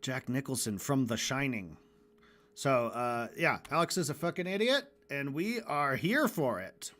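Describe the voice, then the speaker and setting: A man's voice: medium pitch, animated, a little slow, a bit bright. A man streaming while he animates, chatting casually, joking and swearing as he rambles through his work. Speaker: animator and livestream host. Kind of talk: casual livestream chat while working.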